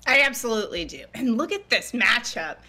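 A woman's voice: fairly high pitch, sing-song, fairly quick, bright, forceful tone. A woman football analyst on a sports radio show, giving confident, emphatic breakdowns. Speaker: NFL analyst guest.

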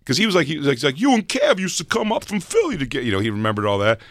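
A man's voice: fairly high pitch, huge pitch swings, rapid-fire, fairly bright tone, no echo, clean studio sound. A man co-hosting a casual chat show, telling rambling, filler-heavy stories as a stand-up comedian. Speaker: podcast co-host and stand-up comedian.

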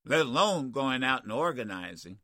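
A man's voice: mid-range voice, very animated, normal speed, bright, forceful tone, no room sound, clean studio sound. A man hosting a call-in talk radio show, talking in a combative, emphatic way and often repeating himself.

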